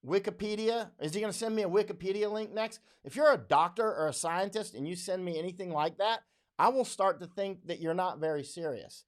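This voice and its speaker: Guy on a livestream going off about stuff, blunt and a bit combative, kinda high voice. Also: fairly quick. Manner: blunt, combative, repeats himself. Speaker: livestream host, war correspondent. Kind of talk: live-stream commentary.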